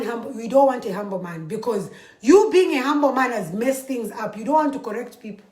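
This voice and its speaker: Zambian woman, high voice, fervent commentator in an echoey room. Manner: mixes English with local language, keeps asking "eh?". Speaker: social media commentator. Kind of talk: impassioned political monologue.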